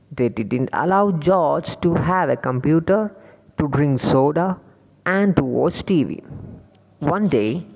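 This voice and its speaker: A man teaching an English lesson. He explains the textbook slowly and carefully, speaking directly to his students. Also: a little high, a little mellow, long reverb tail, low-quality recording.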